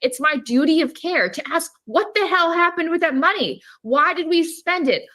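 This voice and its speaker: A woman's voice: very high-pitched, lively intonation, normal speed, sharp tone. A woman speaking as a political fundraiser guest on a TV interview, indignant and emphatic.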